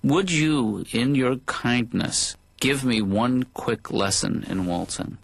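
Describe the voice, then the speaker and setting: An actor voicing a mild, anxious middle-aged male therapist in a cartoon, talking in a deadpan, hesitant mumble. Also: medium pitch, slow pace, creaky, breathy edge, no room sound, heavily acted. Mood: dry.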